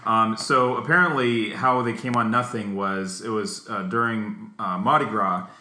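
A man's voice: lowish voice, steady tone, unhurried, sharp tone, echoey room. A man hosting a casual music podcast, talking with many ums and restarts. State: chewing while talking. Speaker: podcast host.

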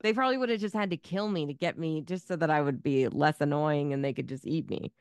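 Casual female co-host, smooth voice, dry close mic, salty and sarcastic. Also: sits low, fast talker, no room sound. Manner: swears a lot, animated and sarcastic. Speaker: podcast co-host. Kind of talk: casual chat.

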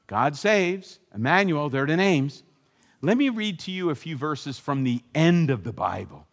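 Animated male pastor in a reverberant hall. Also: a little high. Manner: animated, acts out voices of hopeful and disappointed people. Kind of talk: sermon. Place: church sanctuary.

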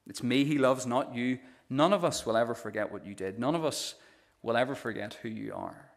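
A man's voice: medium pitch, brisk, natural voice. A male preacher voicing a resentful older brother who scolds his younger sibling with cold self-righteous contempt. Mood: scornful. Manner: scornful, cold, lecturing.

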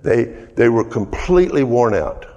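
A man's voice: mid-range voice, sing-song, normal speed, darkish tone, highs cut off. A man preaching a sermon, telling a story earnestly and asking the listeners rhetorical questions. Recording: echoey hall.

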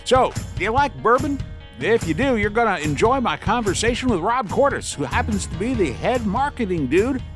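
A man's voice: sits high, normal speed, music in the background. A man hosting a podcast, chatting in a folksy, upbeat way as he introduces and interviews a guest. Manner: folksy, upbeat, lively intonation. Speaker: podcast host.

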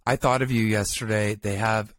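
A man co-hosting a podcast, telling stories in an animated, chatty way. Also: fairly low pitch, moderate pace, no room sound, clean studio sound. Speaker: podcast co-host. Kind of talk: casual chat.

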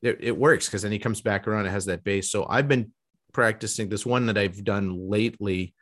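Rambling, enthusiastic middle-aged man, low voice. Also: fairly quick, fairly bright tone. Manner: rambling, enthusiastic, many restarts. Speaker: podcast host and professional artist. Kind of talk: casual conversation.

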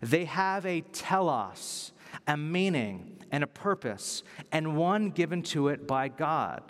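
A man's voice: fairly high pitch, sing-song, slow pace, a bit bright, in a large hall. A man giving a sermon as a preacher, talking in an emphatic, conversational way and driving points home by repeating them.

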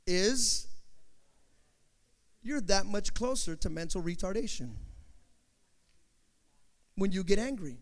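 A man's voice: sits high, takes it slowly, pauses often, long reverb tail. A man preaching a sermon, telling stories animatedly and asking his listeners questions. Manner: animated, asks the crowd questions, acts out quotes. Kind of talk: sermon storytelling.

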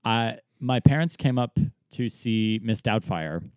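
Low-voiced young man telling a story. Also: unhurried, smooth, dry recording, studio quality. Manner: animated storyteller, acts out quoted people, laughs often. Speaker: podcast co-host. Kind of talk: casual storytelling chat.

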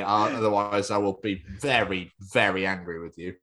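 A man's voice: fairly low pitch, moderate pace, fairly bright tone. A Scottish man co-hosting a podcast, rambling and giggling through sweary banter. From Scotland. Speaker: podcast co-host. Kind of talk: casual chat.

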